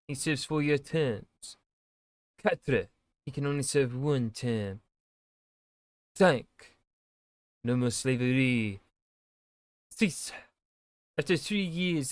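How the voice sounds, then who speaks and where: A man putting on a mock-French voice, reading a constitution aloud in a loud, pompous, drawn-out way. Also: medium pitch, no room sound, natural voice.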